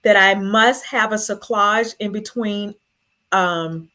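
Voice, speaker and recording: A woman's voice: mid-range voice, takes it slowly, bright, forceful tone. A woman telling her own story to an audience, earnest and emotional, holding back tears. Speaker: speaker sharing her story.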